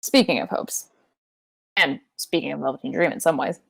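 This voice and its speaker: A woman's voice: low voice, moderate pace, gravelly, fairly bright tone, breathy edge. A woman co-hosting a wrestling podcast, recapping matches in casual chat with playful wordplay and frequent swearing. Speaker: podcast co-host.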